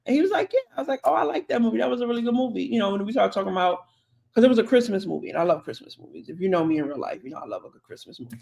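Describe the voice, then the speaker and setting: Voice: medium pitch, very animated, creaky, a little mellow. Podcast co-host, casual storyteller, chatty, mid-range voice. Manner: chatty, drawn-out anecdote with quoted dialogue.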